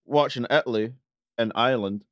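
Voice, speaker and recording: A man's voice: mid-range voice, brisk, a bit bright, no room sound, clean studio sound. A man co-hosting a sports watch-along podcast, blunt and sweary in his running commentary. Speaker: podcast co-host.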